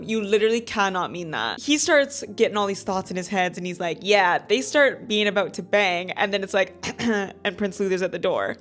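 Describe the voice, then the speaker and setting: A woman in her thirties hosts a chatty book review vlog, gushing and dramatic as she fills her talk with "like". Her voice sits at a middle pitch, with faint music playing softly behind her. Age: 30s. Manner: gushing and dramatic, heavy use of "like". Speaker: book club host.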